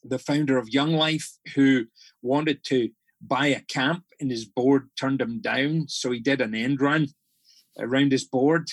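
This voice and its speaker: A man's voice: medium pitch, unhurried, husky, no room sound. A middle-aged Scottish man with a Scottish accent, a podcast guest telling stories with jovial humor. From Scotland. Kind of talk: conversational podcast interview.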